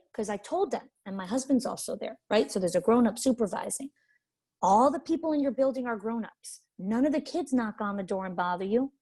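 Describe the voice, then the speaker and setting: A woman's voice: sits high, darkish tone, slightly rough. A woman leadership coach teaching a webinar in an emphatic way, repeating her key points. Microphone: webinar microphone.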